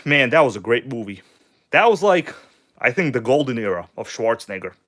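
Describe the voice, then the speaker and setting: A man's voice: mid-range voice, very animated, a little fast, fairly bright tone. A man hosting a casual hobby livestream from home, talking loosely and joking with viewers. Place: at home, kitchen table.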